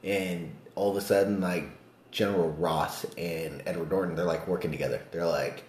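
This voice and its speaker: A man casually discussing a movie, animated and profane, swinging between loud outbursts and low muttering. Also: moderate pace, roomy sound, a little hiss or hum.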